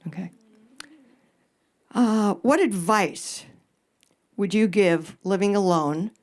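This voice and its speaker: A woman's voice: fairly low pitch, a little mellow. Blunt, sarcastic woman advice host. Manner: blunt, sarcastic, swears casually, punchy jokes. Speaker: radio advice host answering audience questions. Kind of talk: live stage Q&A. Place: live event in front of an audience.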